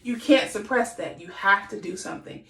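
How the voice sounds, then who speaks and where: Earnest woman with a gravelly edge. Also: medium pitch, expressive, normal speed, a bit bright, roomy sound. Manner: earnest, confessional, acts out quotes. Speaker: podcast host. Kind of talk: candid personal reflection.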